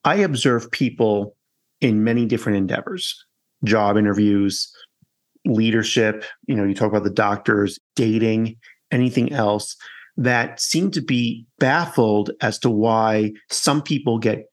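A man from New York hosting a podcast, conversational and quick, with many fillers. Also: fairly low pitch. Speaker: podcast host. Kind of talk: podcast interview.

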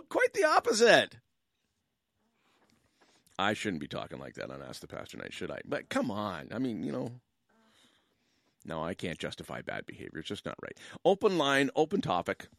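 Chatty animated male radio talk host. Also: mid-range voice, moderate pace, vocal fry, long pauses, no echo, clean studio sound. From Canada. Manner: chatty, joking, rambling asides.

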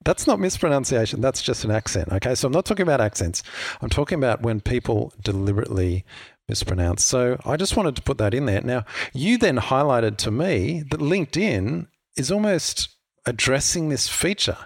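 A man's voice: medium pitch, big pitch swings, normal speed, no room sound. A man co-hosting a marketing podcast, explaining things casually with examples. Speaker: podcast co-host.

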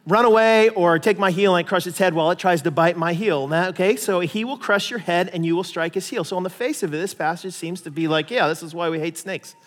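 A male pastor preaching a lively, conversational sermon with casual asides. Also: high voice, fairly quick, hardly any pauses, in a large hall. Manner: animated, conversational preaching with asides and paraphrased voices.

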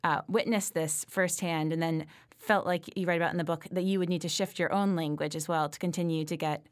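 A woman's voice: on the low side, fairly even intonation, fairly quick. A woman hosting an interview, asking long, winding questions with many fillers. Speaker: interviewer host. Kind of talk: conversational interview.

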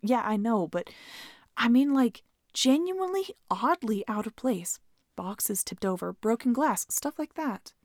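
A man's voice: very high voice, lively intonation, a little slow, dry recording, clean studio sound, exaggerated voice. Woman voicing a teasing young male coworker.

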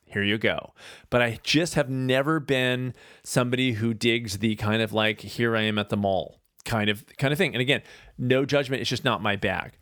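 A man hosting his own podcast, talking casually and rambling through animated asides. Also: mid-range voice, normal speed, no room sound, studio quality. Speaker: podcast host. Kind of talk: casual solo podcast monologue.

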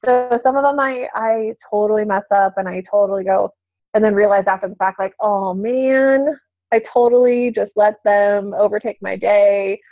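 A woman's voice: mid-range voice, normal speed, no room sound. Woman, podcast guest, chatty, laughs often, tinny phone-like sound, dry. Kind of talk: casual interview chat.

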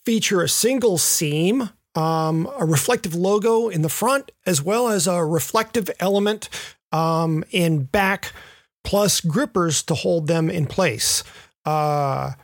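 A man's voice: sits high, takes it slowly, no echo, clean studio sound. A man co-hosting a cycling podcast, giving a gear pick in casual chat with many ums and a self-deprecating manner. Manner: hesitant, self-deprecating, product pick delivery. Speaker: podcast co-host.

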